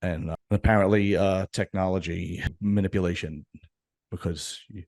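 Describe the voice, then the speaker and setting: Teasing low-voiced male podcast host. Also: fairly even intonation, normal speed. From Italian-American family. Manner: teasing, loud swings between mumbles and outbursts. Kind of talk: casual chat.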